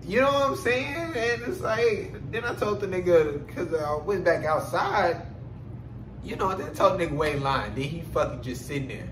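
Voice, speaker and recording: This podcast host speaks at a moderate pace in a high-sitting voice, telling a story in a casual and profane monologue. He's animated, leans on many filler phrases, and laughs while telling it. The poor audio sounds roomy, with a little hiss or hum.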